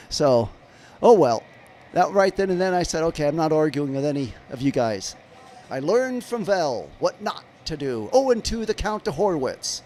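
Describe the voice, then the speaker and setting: A man with a notably high voice calls a baseball game live for his stream. He mixes the pitch-by-pitch calls with loose, rambling chat to viewers. A faint hum of background noise sits under his voice. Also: big pitch swings, normal speed, a little mellow. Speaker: livestream baseball commentator. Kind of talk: live play-by-play commentary.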